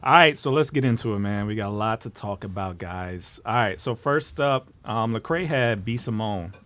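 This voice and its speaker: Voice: mid-range voice, animated, moderate pace, fairly bright tone, no echo. A podcast host introducing a clip and steering the chat in an upbeat way. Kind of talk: casual chat.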